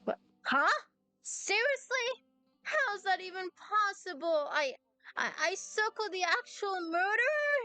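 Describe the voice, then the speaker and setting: Woman streamer reading as a high-voiced, excitable young man, game dialogue. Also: moderate pace, clear, resonant tone, faint music behind. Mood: excited. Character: excitable young male architect, flustered and dramatic.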